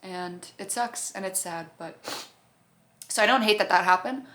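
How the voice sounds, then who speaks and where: A woman's voice: mid-range voice, measured pace, a bit bright. Chatty, profane woman vlogger. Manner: profane, chatty, acts out characters' lines. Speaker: TV show reviewer. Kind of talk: casual on-camera vlog.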